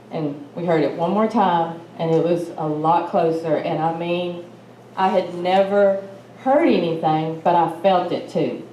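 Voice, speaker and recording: A woman's voice: fairly low pitch, moderate pace, warm tone. A middle-aged woman with an East Texas accent, telling a personal story at a symposium in a chatty, folksy way. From Malta, Texas. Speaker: symposium speaker. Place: conference hall. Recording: roomy hall with faint noise.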